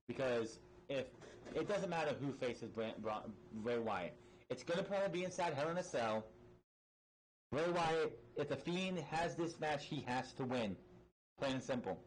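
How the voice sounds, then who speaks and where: A man talking through a wrestling episode in a loose, off-the-cuff way. He is blunt and emphatic, drops swear words when annoyed, and often restarts his sentences. His voice sits at an ordinary middle pitch, with a faint hum of noise behind him. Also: rough recording. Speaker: wrestling show reviewer. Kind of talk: casual recap and opinion commentary.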